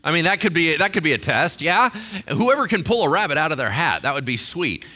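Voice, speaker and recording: A man preaching a sermon, animated and joking, acting out the voices of people in the story. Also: on the high side, a little fast. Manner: animated, jokey, acts out quotes. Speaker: pastor.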